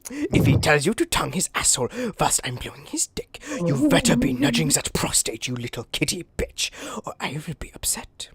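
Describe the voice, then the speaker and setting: A woman's voice: big pitch swings, normal speed, hardly any pauses. A reader doing a whispering menacing woman enforcer. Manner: low threatening whisper. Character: menacing young woman enforcer, cruel and domineering.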